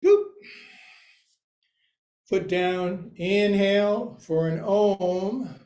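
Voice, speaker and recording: A man with a high, mellow voice leads a guided yoga class, stretching out his words as he calls poses, counts holds aloud and jokes about words along the way. He livestreams from his own space.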